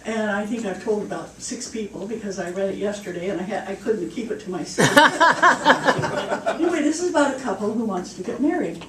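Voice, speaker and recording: A woman's voice: mid-range voice, lively intonation, fast talker, hardly any pauses, a crowd in the background. Chatty woman minister preaching in an echoey hall. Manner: chatty storytelling, laughs at own jokes. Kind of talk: sermon. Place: church hall. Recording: echoey hall, mic far off.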